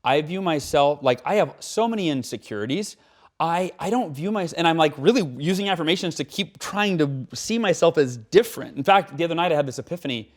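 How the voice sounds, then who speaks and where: A man in his forties, a guest author speaking in a casual interview, earnest and animated, acting out quotes as he tells stories. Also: on the high side, fairly quick.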